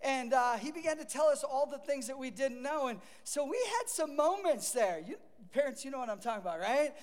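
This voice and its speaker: Middle-aged man, pastor, conversational sermon, very high voice, long hall reverb. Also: lively intonation, a little fast. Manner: conversational preaching, acts out quoted voices. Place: church sanctuary.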